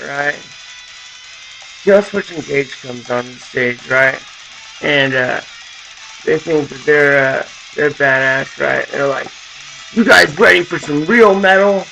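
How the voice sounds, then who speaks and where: A young man from Southern California rants to his own camera, profane and rambling, with "you know" and "dude" everywhere. His voice sits at an ordinary middle pitch with a rough, gravelly edge. A loud sizzling hiss runs under the camera-mic recording. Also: low-quality recording. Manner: profane, rambling, full of fillers. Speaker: vlogger. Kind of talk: casual rant to camera.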